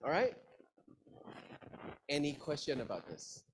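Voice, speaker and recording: A male lecturer runs an interactive class at a slow, easy pace. His voice is lively and sits a little high, and he stretches words out playfully to show emphasis. A faint noise is heard behind him. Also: low-quality recording. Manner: playful, drawn-out emphasis, asks the class questions.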